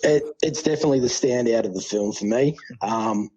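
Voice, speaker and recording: A man's voice: medium pitch, brisk, mellow, breathy edge, low-quality recording. A man with an Australian accent, calling in to a podcast and giving a casual, swear-laden review. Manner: laid-back, swears freely, chummy slang. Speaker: caller. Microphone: phone call.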